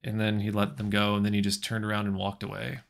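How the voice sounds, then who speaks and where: Gravelly American guy telling a tall tale. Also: on the low side, completely flat delivery, quick pace. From United States. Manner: rambling, repeating words, dry sarcasm. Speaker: storyteller. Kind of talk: comic storytelling monologue.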